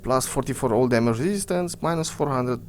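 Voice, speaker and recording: A man's voice: medium pitch, fairly quick, a little hiss or hum. A man giving casual gameplay commentary, muttering to himself and cursing. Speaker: gamer. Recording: faint game music behind.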